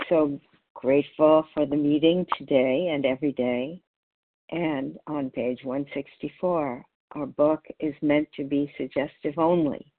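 Gravelly reader, steady and measured, on a thin phone line. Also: medium pitch. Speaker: meeting reader. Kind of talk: reading aloud from a book. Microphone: phone call.

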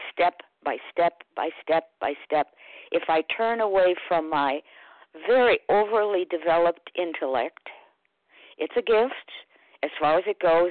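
A woman's voice: on the low side, no echo. Emotional woman on a dry phone line. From Connecticut. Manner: emotional, expressive, exclaiming. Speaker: meeting member sharing. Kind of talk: recovery meeting share by phone. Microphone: phone call.

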